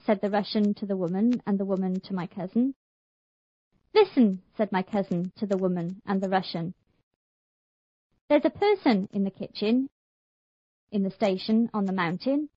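A woman reading English textbook material aloud with a crisp, rhythmic recitation. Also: mid-range voice, moderate pace, pauses often, dry recording, dull audio. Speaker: textbook audio reader. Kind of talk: scripted lesson reading.

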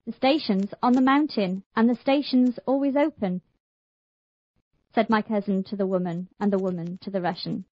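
A woman reading English textbook material aloud with a crisp, rhythmic recitation. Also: mid-range voice, normal speed, no echo, dull audio. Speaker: textbook audio reader. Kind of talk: scripted lesson reading.

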